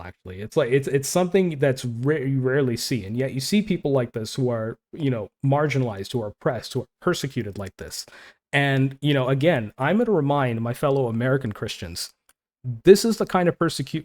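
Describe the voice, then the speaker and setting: A man's voice: mid-range voice, expressive, fairly quick, darkish tone. Impassioned man giving casual commentary. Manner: passionate, informal, interjects with "man" and "dude". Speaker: online Christian commentator. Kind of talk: casual commentary, reading quotes aloud.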